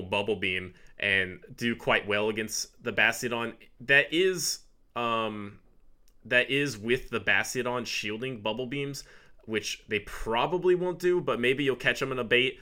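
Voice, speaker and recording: Guy with a really sharp bright voice, animated casual podcast chat, laughs a lot. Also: medium pitch. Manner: animated, laughs easily, quick asides. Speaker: podcast co-host. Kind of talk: casual chat ranking picks.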